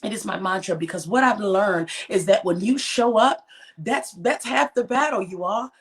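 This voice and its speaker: A woman author and life coach leading a live-stream book talk in an energetic, preachy, encouraging way, repeating phrases for emphasis. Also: mid-range voice, moderate pace.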